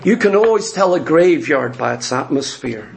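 A man preaching a sermon in an animated, conversational way, repeating himself, dropping quick asides and drawing out his points. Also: fairly high pitch, vocal fry.

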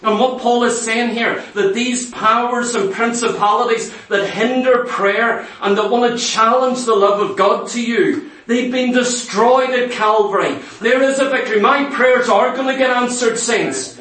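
A man's voice: very high-pitched, a little slow, few pauses, fairly bright tone. A man preaching a sermon, pressing the congregation with emphatic rhetorical questions. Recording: echoey hall, mic far off.

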